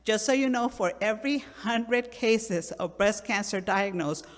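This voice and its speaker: A woman's voice: medium pitch, unhurried. A woman in her fifties from Puerto Rico, giving a personal testimony at church in a conversational way, acting out the voices she quotes. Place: church sanctuary. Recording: long reverb of a church hall.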